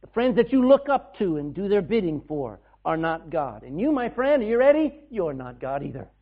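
A man preaching a sermon, telling stories with loud bursts and hushed asides. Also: sits high, moderate pace. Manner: animated storytelling, shouting bursts and hushed asides. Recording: tinny phone-like sound.

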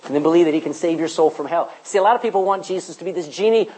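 Male pastor mid-sermon in a church, slightly husky tone. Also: a little high, fast, few pauses, rough recording. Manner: preaching with animated rises and soft drops.

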